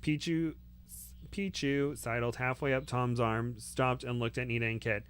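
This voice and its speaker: A man reading a novel aloud in a steady way, with small slips and restarts. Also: medium pitch, unhurried, clear, resonant tone. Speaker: reader.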